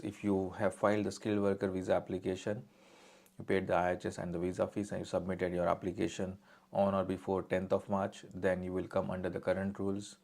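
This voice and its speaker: On a live stream, a man acting as an immigration adviser reads out each viewer question, then answers it plainly and directly. His voice is deep and slightly mellow, with vocal fry.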